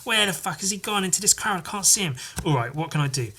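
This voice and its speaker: A man's voice: high voice, animated, fast, bright, forceful tone, breathy edge, voice pushed up, heavily acted. A man voicing a panicky, foul-mouthed male street brawler from his comic, hunting for someone in a crowd. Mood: frantic. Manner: swearing, panicky searching.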